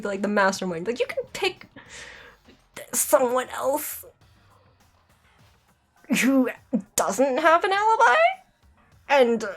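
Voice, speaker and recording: A woman streamer giving exasperated, rambling gameplay commentary, filling her rant with "like" and pushing her voice higher as she gets angry. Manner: exasperated, rambling, heavy use of "like"; voice climbs high when angry. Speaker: let's play streamer.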